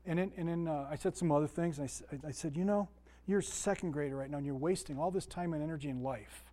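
Warm in tone and fairly high-pitched, a male Sunday school teacher talks fast through an easygoing Bible lesson. His folksy, conversational style is full of stories and questions thrown out to his listeners.

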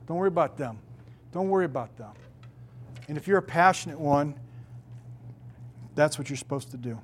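A man's voice: on the high side, normal speed, pauses often, slight background noise. Middle-aged man preaching emphatically. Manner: emphatic, preaching with stretched-out stressed words. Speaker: pastor. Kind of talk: sermon.

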